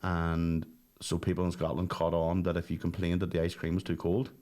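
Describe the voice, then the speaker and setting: A man's voice: low-pitched, monotone, fairly quick, a little mellow. A man, a podcast co-host telling stories and laughing in casual chat. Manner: laughing, storytelling.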